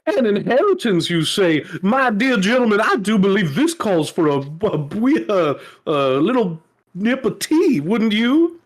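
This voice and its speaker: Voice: mid-range voice, big pitch swings, a little slow, voice pushed up. A podcast host voicing a charming, scheming innkeeper hostess with a syrupy, overly polite manner. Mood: sweetly scheming.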